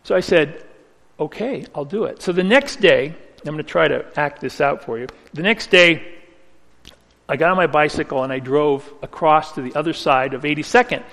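A man preaching a sermon, telling a personal story earnestly with slow, emphatic phrasing. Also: fairly high pitch, fairly bright tone. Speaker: pastor. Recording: reverberant hall.

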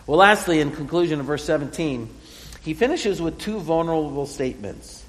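An earnest male preacher delivers a sermon, slipping into the psalmist's voice now and then. His pitch sits a little high and swings widely from line to line. A long hall reverb trails after his words. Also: very animated, a little fast.

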